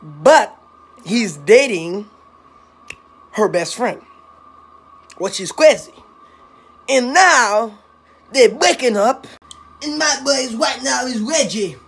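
A woman's voice: on the high side, lively intonation, takes it slowly, pauses often, breathy edge. A woman chatting casually on a phone livestream at home, teasing and playfully consoling someone. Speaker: vlogger. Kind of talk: casual live-stream chat. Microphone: phone camera.

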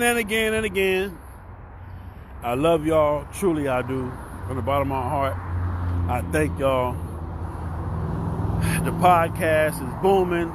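A fifty-one-year-old man with a Southern US accent ranting casually to camera from a cheap hotel room, loud and profane, swinging between shouting and mumbling. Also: medium pitch, noisy background. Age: 50s. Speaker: vlogger and podcast host. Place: cheap hotel room near train tracks.

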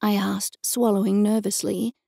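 An Australian woman narrates a cozy mystery audiobook in an even, first-person storytelling voice. Her tone is mellow and dark with a gravelly fry, recorded dry and close. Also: mid-range voice, normal speed, no room sound. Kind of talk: scripted narration.

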